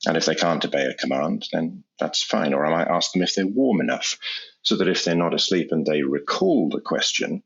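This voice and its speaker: Very deep, gravelly-voiced male doctor. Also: expressive. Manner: measured, repeats words when restarting. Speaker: anesthesiologist guest. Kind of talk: explanatory interview talk. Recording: dull lo-fi sound.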